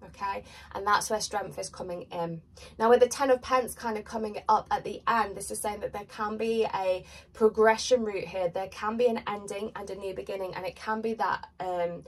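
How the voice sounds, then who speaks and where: Husky, gravelly woman with a cold, reading tarot in a loose chatty ramble, mic set a little back. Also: mid-range voice, distant mic, low-quality recording. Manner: chatty, rambling, filler-heavy. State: congested with a cold. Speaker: tarot reader. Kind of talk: pick-a-card tarot reading to camera.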